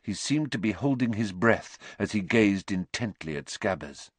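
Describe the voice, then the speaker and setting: A man narrating an audiobook in an expressive, measured way. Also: fairly low pitch, no room sound.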